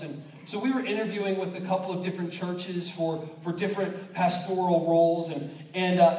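A man preaching a sermon as a pastor, telling stories with acted quotes and frequent restarts. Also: high voice. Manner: storytelling with lively acted quotes and many restarts. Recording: echoey hall, distant mic.

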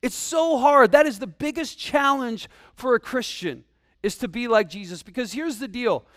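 A man preaching a sermon to his congregation in a lively, conversational way, full of rhetorical questions. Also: extremely high pitch, normal speed, dry recording, clean studio sound. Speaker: pastor. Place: church sanctuary.

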